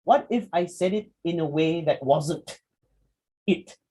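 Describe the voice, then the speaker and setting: A young man, teaching a public speaking workshop in an animated way. He asks the audience questions and acts out quick examples. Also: on the high side, husky, rough recording. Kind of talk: lecture presentation with slides.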